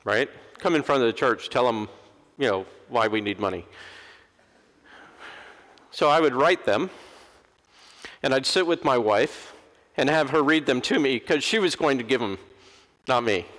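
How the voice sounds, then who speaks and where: A middle-aged man, an Episcopal preacher, giving a lively sermon and acting out the people he quotes. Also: mid-range voice, measured pace, long pauses. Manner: animated, acts out quoted voices. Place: large church. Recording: long church reverb.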